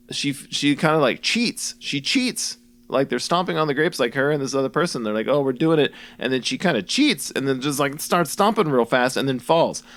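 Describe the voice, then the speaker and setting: A young man musician rambling goofily through his own album commentary, joking at himself with lots of fillers. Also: mid-range voice. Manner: goofy, self-mocking, many fillers.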